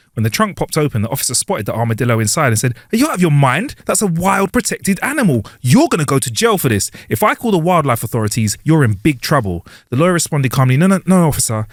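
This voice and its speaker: A man's voice: medium pitch, no echo, studio quality. A man co-hosting a casual podcast, telling jokes and acting out the voices, laughing often. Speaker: podcast co-host. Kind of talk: casual joke-telling chat. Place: home studio. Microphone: wireless clip-on mic.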